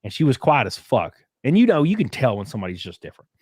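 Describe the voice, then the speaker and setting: A man's voice: medium pitch, sing-song, quick pace, darkish tone, breathy edge, dry recording. A man in his thirties hosting a podcast, telling a personal story in a candid, rambling way with lots of fillers. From United States. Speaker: podcast host. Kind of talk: casual chat.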